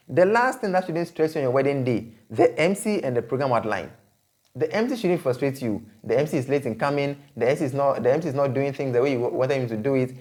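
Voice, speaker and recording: A man hosting an advice vlog, speaking emphatically, repeating phrases and breaking into sudden high exclamations. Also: a little mellow. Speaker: host.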